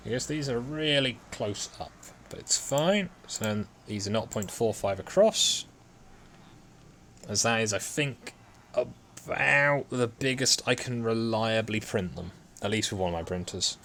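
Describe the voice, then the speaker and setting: Slow, low-voiced man muttering. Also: a bit bright, a little hiss or hum. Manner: muttering to himself, self-deprecating. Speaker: hobby modeller streaming CAD work. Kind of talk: casual talk-through while working.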